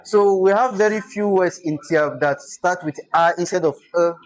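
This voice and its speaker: A language teacher with a Nigerian accent giving an informal lesson, repeating words slowly to show their pronunciation. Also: mid-range voice, rough recording.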